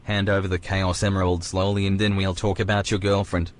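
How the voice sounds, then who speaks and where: A man's voice: low-pitched, flat delivery, brisk, slight background noise, lightly acted. An actor with an Australian accent playing a cold, menacing male villain in a video game. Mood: taunting. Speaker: game character clip.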